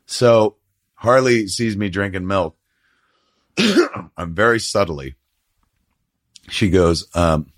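A man's voice: low-pitched, takes it slowly, pauses often, no echo, clean studio sound. A middle-aged man telling stories in casual chat as a podcast host, rambling and swearing, acting out what others said. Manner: profane, rambling storytelling with lively quoted voices.

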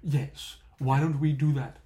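A man's voice: a little high, flat delivery, measured pace, dark tone, reverberant. A man co-hosting a comedic podcast, joking around playfully and theatrically. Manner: playful, theatrical, breaks into spooky voice bits. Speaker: podcast co-host.

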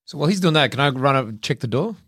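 A man playing in a tabletop game, decisive and quick to laugh as he declares his moves. His voice sits at a middling pitch and is recorded dry and close. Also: animated, fairly bright tone, breathy edge, no room sound. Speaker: player. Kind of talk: casual tabletop game chat.

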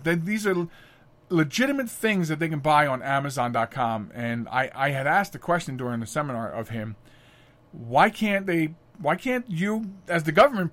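A middle-aged man hosting a podcast, telling stories casually, chatty and animated, often laughing. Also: medium pitch. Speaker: podcast host. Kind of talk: casual storytelling monologue.

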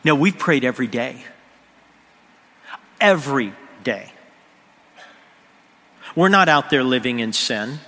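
Male pastor, sermon storyteller, forceful tone, echoing church hall. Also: mid-range voice, animated, slow, long pauses. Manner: drops to near-whisper on emotional moments. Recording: long hall reverb.

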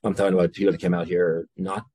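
A deep-voiced Irish man, speaking quickly with little pitch movement and a mellow, breathy edge, appears as a guest entrepreneur in a conversational interview. On a dry recording, he talks candidly, rambles, cuts himself off, and swears casually.

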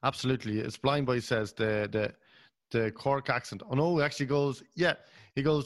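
A man's voice: mid-range voice, fairly even intonation, normal speed, no echo. A man co-hosting a podcast, trading dry jokes in casual banter. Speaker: podcast co-host.

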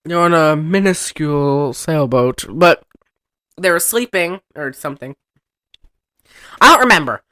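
A woman's voice: low-pitched, expressive, unhurried, long pauses, sharp tone. A woman hosting a casual podcast chat, teasing her co-hosts and recapping a film's plot with jokes. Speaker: podcast host. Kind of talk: casual chat reviewing a movie.

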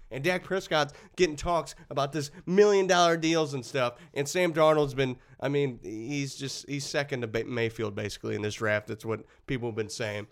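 A man co-hosting a casual sports podcast, talking in an animated, heated way with a slightly runny nose. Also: on the high side. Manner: animated, heated ranting with laughs. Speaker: podcast co-host.

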